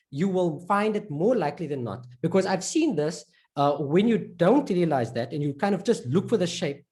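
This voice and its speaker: A man from South Africa with a South African accent, teaching Arabic letters to a class and repeating each sound slowly. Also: on the high side, warm tone. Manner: slow, repeats sounds and words for students. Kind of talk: live online lesson.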